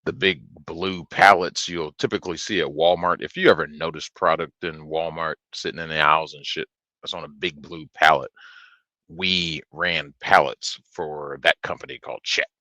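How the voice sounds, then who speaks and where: A man's voice: very deep voice, steady tone, moderate pace, sharp tone, dry recording. A man streaming, telling rambling stories with lots of swearing and fillers. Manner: profane, rambling, with many fillers. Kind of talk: casual storytelling chat.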